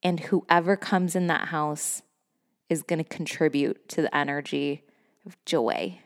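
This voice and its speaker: A woman podcast host speaks in a somewhat low voice, unguarded and effusive as she tells her own story. She swears without a second thought and scatters "like" through every sentence. Bursts of laughter keep breaking into her phrases. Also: fairly even intonation, a little slow, long reverb tail. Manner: candid and effusive, swears freely, heavy use of "like"; laughs often between phrases. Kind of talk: casual personal storytelling.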